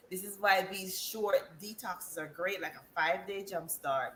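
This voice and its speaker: A woman talking casually and animatedly about wellness, acting out other people's voices with big jumps in pitch and laughing often. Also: moderate pace, pushed and bright. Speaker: wellness guest. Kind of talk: casual chat. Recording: echoey room with faint ambient noise.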